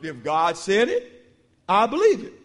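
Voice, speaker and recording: This sermon comes from a man with a high voice whose pitch swoops wildly, though he takes his time. He alternates loud declarations with quiet, confiding remarks in an emphatic call-and-response style, all echoing through a church sanctuary with a long reverb tail.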